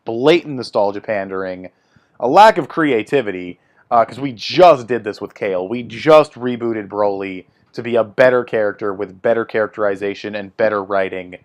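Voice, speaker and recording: A man's voice: on the low side, moderate pace. Blunt young man ranting. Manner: blunt, swearing, animated. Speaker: video host. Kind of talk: casual opinion rant.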